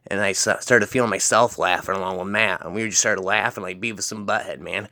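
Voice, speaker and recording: Rambling low-voiced male storyteller. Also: fairly even intonation, a little fast, pushed and bright, dry recording. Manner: rambling, full of "man" and "freaking". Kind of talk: rambling spoken anecdote.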